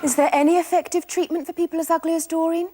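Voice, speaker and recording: A woman playing a chirpy, tactless female daytime TV presenter with bright, breezy patter. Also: very high-pitched, little pitch movement, fast, very noisy. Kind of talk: sketch comedy.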